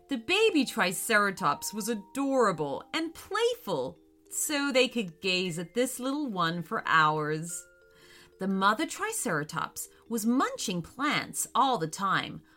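Slow, very lively woman storyteller. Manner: slow, expressive reading with lively pitch. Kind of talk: children's story narration.

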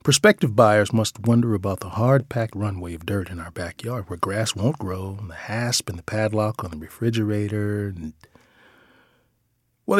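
A man's voice: on the low side, no echo, studio quality. A father reading his own personal essay aloud in a reflective way, often dropping into a near whisper.

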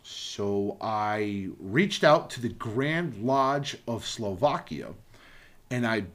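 A man's voice: lowish voice, animated, slow. A man co-hosting a podcast in casual chat, rambling and cursing freely as he jokes with his co-hosts. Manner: rambling, profane, jokey. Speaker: podcast co-host.

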